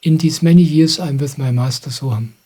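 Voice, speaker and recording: A middle-aged man, a spiritual teacher, calmly answering questions in a gentle, reflective way. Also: on the high side, brisk, husky. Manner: gentle, reflective, soft-spoken. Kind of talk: calm satsang answering questions.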